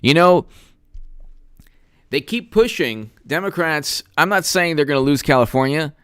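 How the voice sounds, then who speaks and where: Political commentator, male, sarcastic, smooth higher voice, dry close mic. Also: animated, a little slow, a bit bright, no room sound. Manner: sarcastic, mocking put-on voices. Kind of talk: live-stream commentary, reading chat.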